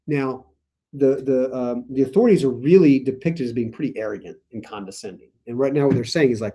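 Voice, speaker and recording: An American man leads a relaxed Bible study, talking in an easygoing, animated way and chuckling as he goes. His voice is mellow and warm, set at an everyday middle pitch. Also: a little fast. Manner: animated, playful, laughs while explaining. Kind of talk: casual Bible study teaching.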